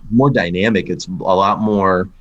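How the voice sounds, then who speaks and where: A man with a very low, deep voice hosts a relaxed music podcast. He rambles along casually, circling back on himself and trailing off into fillers as he talks. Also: moderate pace, muffled recording. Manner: rambling, lots of fillers and restarts. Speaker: podcast host.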